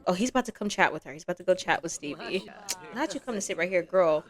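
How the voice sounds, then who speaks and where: A young woman giving casual, playful commentary on her own game, chatty and quick to laugh. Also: on the low side, animated. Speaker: gaming vlogger.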